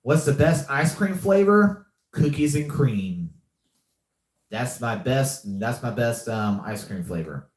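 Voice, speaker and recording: A man's voice: medium pitch, lively intonation, slow, darkish tone. A man hosting a casual live podcast, rambling and repeating himself with many fillers as he reads the chat. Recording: echoey room.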